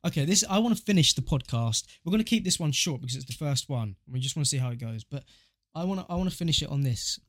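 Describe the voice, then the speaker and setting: A young man trades banter on a podcast, his pitch swinging up and down as he spins animated stories. He swears freely and laughs his way through the chat. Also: quick pace. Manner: joking, swearing, animated storytelling. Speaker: podcast co-host.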